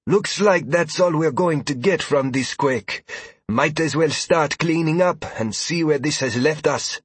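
A man voicing an upbeat young male adventurer companion, speaking in a steady, reassuring way with a husky voice. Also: fairly high pitch, unhurried, no room sound, pitched above the performer's own voice.

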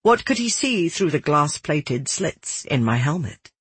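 Husky-voiced man narrating a somber fantasy. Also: fairly high pitch, sing-song, unhurried, a bit bright, no echo. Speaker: audiobook narrator. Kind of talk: first-person fantasy narration.

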